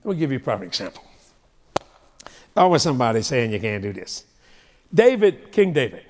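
A male preacher delivering a sermon with humorous, animated storytelling, recorded in a large hall with a long reverb. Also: medium pitch, fairly quick.

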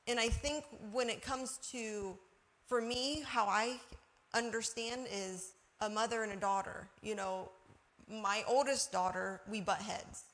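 A woman's voice: fairly high pitch, a little slow. A woman sharing everyday examples in a casual faith discussion, often asking "you know". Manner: warm storytelling with everyday examples and laughs.

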